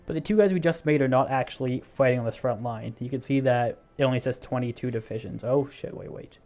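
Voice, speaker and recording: Gravelly young man narrating a strategy game. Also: mid-range voice, fairly quick, a little mellow, soft background music. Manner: thinking aloud, explaining as he clicks, self-correcting. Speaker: gaming video host. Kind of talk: casual strategy game commentary.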